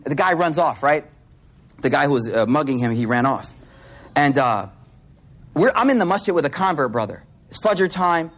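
A man from Buffalo giving a casual Islamic lesson, an animated storyteller mixing slang and Arabic terms. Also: on the high side, moderate pace. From Buffalo, New York, US. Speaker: Islamic teacher.

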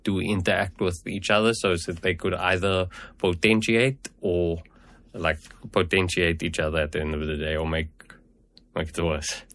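A man with a very deep voice talks through his answers in a measured, explanatory way, pausing on fillers as he builds each point. He sounds like a practitioner being interviewed, steady rather than showy. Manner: measured, explanatory, many "at the end of the day". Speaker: herbal medicine practitioner guest.

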